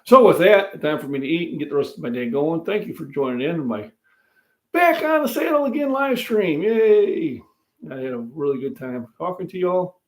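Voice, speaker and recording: An older fitness channel host talks fast in an animated, slightly high voice while cooking at home on a casual live stream. He rambles in a folksy manner, speaking directly to his viewers. The sound is roomy and off-mic.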